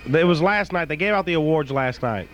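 A man co-hosting a late-night radio show fires quick questions at callers. His voice runs a little high, and music plays clearly under the studio talk. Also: expressive, fairly bright tone, highs cut off. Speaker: radio co-host.

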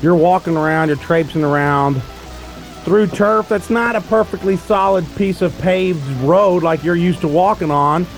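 A man's voice: high-pitched, normal speed, faint music behind, low-quality recording. A man co-hosting a casual radio talk show, arguing his case at length with dry teasing. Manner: argumentative, wordy, dry teasing.

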